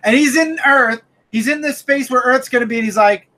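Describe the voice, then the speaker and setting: A man co-hosting a casual comic book review chat, animated and emphatic, often repeating himself and breaking into shouts. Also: very high voice, moderate pace. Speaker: comic book podcast co-host.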